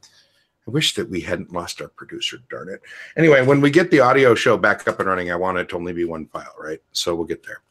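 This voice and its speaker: A man's voice: sits low, animated, fairly quick, fairly bright tone. Male co-host, casual streamed chat, loose and easygoing. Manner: loose, laughing, talks to live chat. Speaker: podcast co-host.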